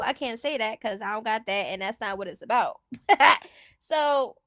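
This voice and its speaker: Brief: high-pitched woman streamer, sassy and blunt, dry close sound. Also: lively intonation, moderate pace, fairly bright tone, no echo. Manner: blunt, sassy, laughs often. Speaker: stream host. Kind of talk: casual commentary chat.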